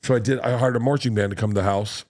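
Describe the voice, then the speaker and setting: A man's voice: on the low side, rapid-fire. A man telling a wild story. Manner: animated storyteller who acts out quotes and swears freely. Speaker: comedian guest. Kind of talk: casual podcast storytelling.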